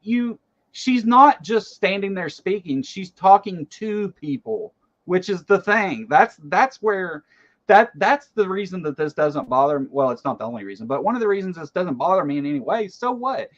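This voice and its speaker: A man with a slightly high voice hosts a casual political livestream. He is blunt and curses freely. The audio is a little dull and lo-fi. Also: animated, moderate pace. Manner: blunt, swears freely, reads chat aloud. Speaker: livestream host.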